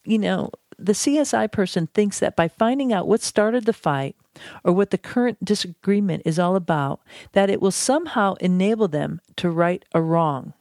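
A woman's voice: medium pitch, animated, moderate pace, a little mellow, no echo, studio quality. A woman teaching conflict management in a playful, chatty way, speaking straight to the listener. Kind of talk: instructional audiobook narration.

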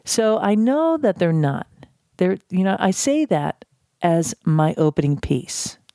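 A woman with a lowish, mellow voice speaks about conflict in a calm, measured way. She pauses often, repeats phrases for emphasis and slips in a little self-deprecating humor. The sound is dry and close. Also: dry recording. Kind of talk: talk on civility.

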